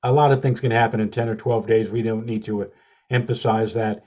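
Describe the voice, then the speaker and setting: Man, weather podcast co-host, measured explainer, mellow voice, slightly dull lo-fi sound. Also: fairly low pitch, steady tone. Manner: measured, explanatory, with many uh fillers. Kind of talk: explaining weather and space images.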